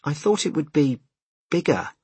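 A man with a husky voice voicing an anxious, fidgety woman who keeps asking nervous questions, in an audiobook reading. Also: deep voice, sing-song, moderate pace, mellow, no echo, voice pushed up, heavily acted. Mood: uncertain. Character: anxious, fidgety woman, a mother on a tense drive.

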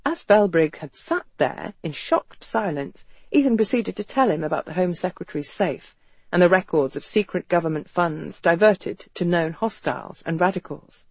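Measured audiobook narrator, dry sound. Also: medium pitch, expressive, creaky, breathy edge, dry recording.

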